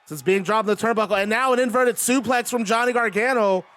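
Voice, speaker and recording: High-voiced casual stream commentator. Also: male voice, quick pace, a bit bright. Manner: casual, chatty play-by-play. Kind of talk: live-stream game commentary.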